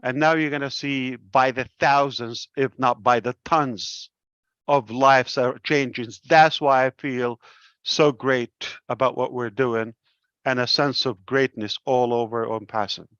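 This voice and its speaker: A man with a delivery speaks slowly and earnestly on a live stream. His words come measured and deliberate, like a founder addressing his members. The audio is dry and dull, as from a close but muffled mic. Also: mid-range voice, fairly even intonation, fairly bright tone, smooth, dry recording. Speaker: company founder presenting to members.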